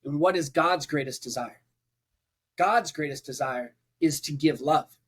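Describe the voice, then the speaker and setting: A man preaching in a casual, conversational way as a podcast guest, with his voice pitched somewhat high for a man. He leans on emphatic repetition and piles up rhetorical lists to drive his points home. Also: unhurried, husky.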